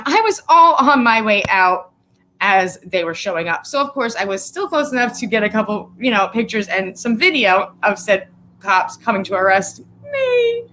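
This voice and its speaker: A woman in a loose live-stream rant, her voice sitting at an ordinary middle pitch. She swears freely and turns sarcastic, wandering from point to point. She gets choked up now and then as she answers her viewers. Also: pushed and bright, a little hiss or hum. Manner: profane, sarcastic and rambling; emotional, tearing up while reading viewers' comments. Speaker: vlogger.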